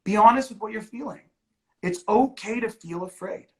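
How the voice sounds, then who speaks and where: A man's voice: high-pitched, moderate pace, fairly bright tone, rough recording. A man and ministry leader talking candidly and earnestly, with many "like"s and "you know"s. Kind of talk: candid conversational talk.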